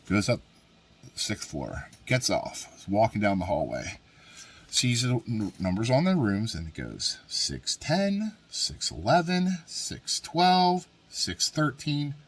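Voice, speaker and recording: A man's voice: normal speed, husky. A man hosting a vlog, casually telling a story and acting out the people in it with big jumps in his voice. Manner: animated, acts out quoted voices with big pitch jumps. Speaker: vlog host.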